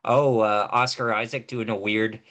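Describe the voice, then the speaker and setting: A man co-hosting a podcast in casual chat. His voice is fairly low but has a bright, forceful edge, and he talks in a dry, teasing, opinionated way. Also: steady tone, normal speed, muffled recording. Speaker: podcast co-host.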